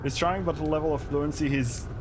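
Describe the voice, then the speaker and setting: Animated male streamer, slightly high voice. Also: a little fast, noisy background. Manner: amused, exasperated reactions with stammered restarts. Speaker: streamer reacting to clips. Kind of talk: live-stream commentary.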